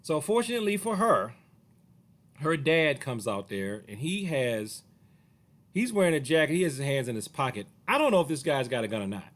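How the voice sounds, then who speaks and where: A man's voice: mid-range voice, sing-song, moderate pace. A martial arts teacher telling a personal story to camera in a casual way, acting out the other people's voices as he goes.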